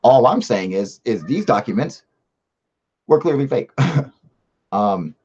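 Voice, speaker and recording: A man's voice: medium pitch, sing-song, slow pace, a little mellow, breathy edge, muffled recording. A man hosting a live stream, reading viewer comments and answering in a rambling, emphatic, profane way. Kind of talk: casual live-stream chat.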